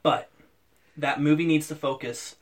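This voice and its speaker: A young man talks casually as a podcast co-host, pressing his opinions firmly and laying out his reasons. His voice sits a touch higher than most men's. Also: fairly even intonation, measured pace. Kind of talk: casual chat.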